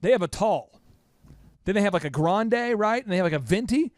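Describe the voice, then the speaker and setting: A man's voice: high-pitched, expressive, brisk, a little mellow, dry recording, studio quality. A man hosting a business podcast, talking emphatically and repeating lines for punch. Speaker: podcast host. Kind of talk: energetic business podcast talk.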